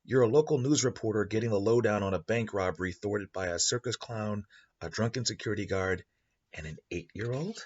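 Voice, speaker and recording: Husky low-voiced male storyteller. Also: fairly quick, muffled recording. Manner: rambling, many fillers and restarts. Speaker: host. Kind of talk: improvised storytelling.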